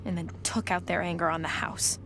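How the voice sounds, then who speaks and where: A woman's voice: lowish voice, little pitch movement, brisk, a bit bright, lightly acted. An actress playing a young woman in a game who has lost her family, speaking in a subdued, matter-of-fact way. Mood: somber. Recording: noisy game audio.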